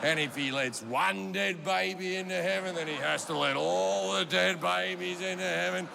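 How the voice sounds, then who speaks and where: Gravelly stand-up comedian in his forties. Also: high-pitched, normal speed. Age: 40s. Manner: profane, storytelling, punchy delivery. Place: stage in a large venue. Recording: reverberant hall with audience noise.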